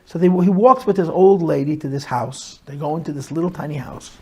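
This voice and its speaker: A middle-aged man, a rabbi, telling a story to a small group with animated emphasis, stretching words as he goes. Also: fairly high pitch, fairly quick, a little hiss or hum.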